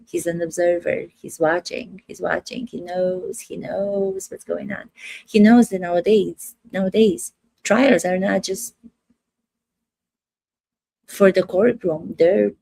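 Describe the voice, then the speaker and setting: A woman acting coach comments to camera in an unhurried, gravelly voice. She speaks emphatically, repeats her key phrases and keeps asking rhetorical questions. The sound is close and dry. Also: medium pitch, expressive, dark tone, no room sound.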